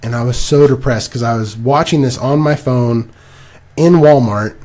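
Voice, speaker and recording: A young man co-hosting a casual podcast, rambling and animated as he recaps games. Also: medium pitch, normal speed. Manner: animated, rambling, laughs at himself. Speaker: podcast co-host. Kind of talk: casual fantasy football chat.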